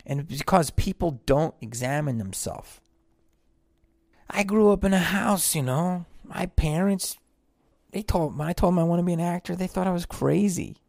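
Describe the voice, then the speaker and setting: A man's voice: sits high, normal speed, gravelly, a little mellow, no echo, studio quality. A man who is an actor and podcast host, delivering a blunt, profane, rambling monologue in casual talk. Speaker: actor on tour.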